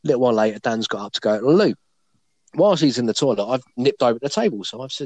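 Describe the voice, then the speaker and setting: A man's voice: mid-range voice, expressive, fast talker, a little mellow, no echo. A man hosting a podcast, telling a bawdy anecdote in a casual, laughing way. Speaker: podcast host. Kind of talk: casual storytelling.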